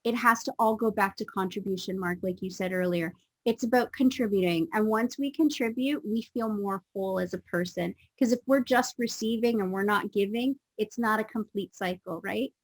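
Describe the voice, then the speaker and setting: A woman guest telling a personal story in conversation, animated and acting out the voices in it. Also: mid-range voice, normal speed, no echo, low-quality recording. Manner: animated, acts out voices in her stories. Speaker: guest speaker.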